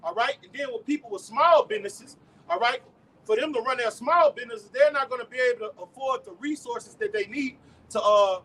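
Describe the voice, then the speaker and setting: High-voiced man preaching outdoors. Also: fairly bright tone. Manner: profane, asks the crowd rhetorical questions. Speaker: street preacher. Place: outdoors on a street. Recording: distant mic, faint street noise.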